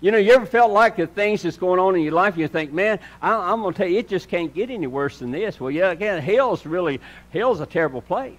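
Fervent high-voiced preacher. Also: male voice, expressive, a little fast. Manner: earnest preaching, swings between loud and hushed; addresses listeners as "dear friend". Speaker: pastor. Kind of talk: sermon.

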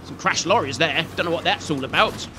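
A man's voice: fairly high pitch, fairly quick, background noise. A man giving chatty, jokey let's-play commentary and scolding the enemies on screen. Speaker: gaming video host.

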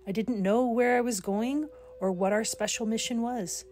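A woman reading the part of a kind, wise elderly grandfather in a storybook, speaking gently and steadily as he tells of his past. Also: fairly high pitch, steady tone, moderate pace, faint music behind, pitched above the performer's own voice, natural voice. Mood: reminiscing.

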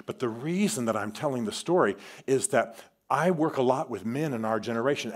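A male preacher delivering a sermon in a church, his voice moving from loud, high bursts to hushed, low asides. He tells the story with lively, animated energy. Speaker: guest preacher. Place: church sanctuary.

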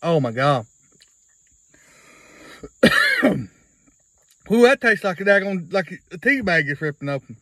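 A man's voice: fairly high pitch, sing-song, moderate pace, a bit bright, no room sound, rough recording. A man, rambling through a casual video blog in a folksy way and repeating himself. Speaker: vlogger.

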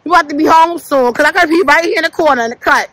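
A tipsy woman vlogging a night out, loud and profane, trash-talking and laughing on a city street into a handheld phone. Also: high voice, racing, no echo, poor audio. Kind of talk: rowdy night-out vlog banter.

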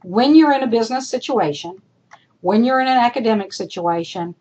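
A woman college instructor giving recorded feedback to her students. She talks directly and chattily, repeating her points for emphasis, and her voice is going hoarse. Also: on the high side, lively intonation, brisk, darkish tone, low-quality recording. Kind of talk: recorded lecture feedback over screen demo.

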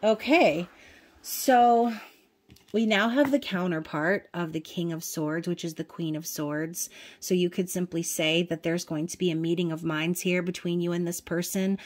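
A woman's voice: fairly low pitch, steady tone, normal speed. A woman giving a casual, chatty tarot reading, talking straight to the viewer, blunt at times and often checking in with "okay?". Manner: chatty, peppered with "okay?" and fillers. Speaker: tarot reader.

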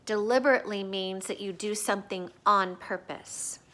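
A woman reading a children's novel aloud, stopping in a gentle, teacherly way to explain words and story craft. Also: mid-range voice, normal speed. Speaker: read-aloud host.

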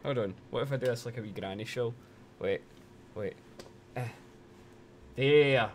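A man's voice: mid-range voice, measured pace, slight background noise. A man chatting casually on a live stream, teasing his chat and swearing a lot while complaining that he is cold.

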